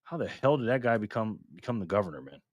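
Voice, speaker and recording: A man's voice: fairly low pitch, big pitch swings, fast, no room sound, muffled recording. A man from Rochester, New York, hosting a live stream and chatting casually with viewers, greeting them by name as he reads their comments aloud. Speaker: livestream host.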